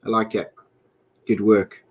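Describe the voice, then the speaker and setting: A man's voice: fairly low pitch, monotone, a little slow, husky. A man hosting a live podcast, chatting casually and reading out viewer comments in an upbeat way. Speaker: podcast host. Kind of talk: casual chat.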